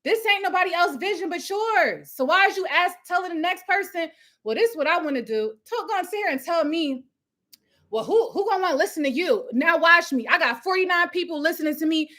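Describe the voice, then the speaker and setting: A young woman preaches hustle on a live stream, loud and fired up. Her voice sits high and bright, with a forceful edge. She laughs often between points. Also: expressive, a little fast. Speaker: host of a live coaching stream. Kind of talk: live motivational talk. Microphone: phone or webcam at home with ring light.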